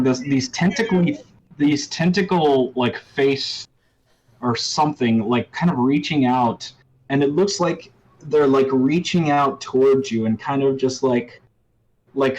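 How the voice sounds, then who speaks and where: Slow, halting game master man. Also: mid-range voice, darkish tone, highs cut off. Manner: halting, full of "like" and restarts. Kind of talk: narrating a tabletop game.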